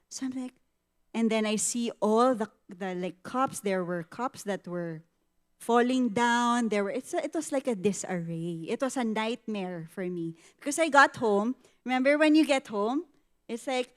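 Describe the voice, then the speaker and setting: Unhurried Filipino woman telling a story. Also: fairly high pitch. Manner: animated storytelling, switching into Tagalog, acting out quotes. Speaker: women's ministry speaker. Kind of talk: conversational sermon testimony.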